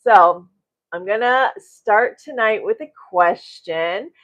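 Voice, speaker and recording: A woman's voice: mid-range voice, slow pace, fairly bright tone, dull audio. A middle-aged woman coaching a live-streamed self-development class, greeting viewers and often tagging her points with "right?" and a chuckle.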